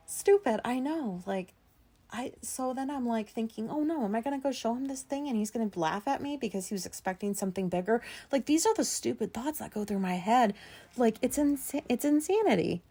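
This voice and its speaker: A woman in her thirties hosting a podcast, telling a personal story in a halting, anxious way, with many fillers and pauses. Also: fairly high pitch, animated, a little mellow. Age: 30s. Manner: anxious, self-deprecating. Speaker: podcast host. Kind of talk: rambling personal monologue.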